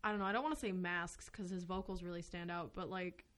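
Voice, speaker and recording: A woman's voice: lowish voice, fairly even intonation, fast talker, a bit bright. A young woman co-hosting a casual podcast chat, rambling and filling her talk with "like". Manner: rambling, lots of "like" fillers. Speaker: podcast co-host. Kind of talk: casual chat about music.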